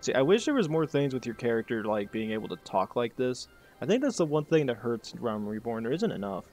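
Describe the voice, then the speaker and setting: A man's voice: medium pitch, big pitch swings, a little fast, a little mellow, faint music behind. A man giving casual game commentary, full of joking, self-mocking asides. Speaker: game streamer.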